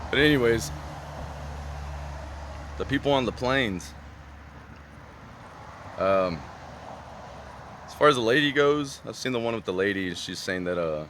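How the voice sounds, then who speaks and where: A man's voice: mid-range voice, animated, unhurried, long pauses, a bit bright, a little hiss or hum. A man vlogging in a casual, rambling way, full of fillers and "right?" tags, earnest and reflective.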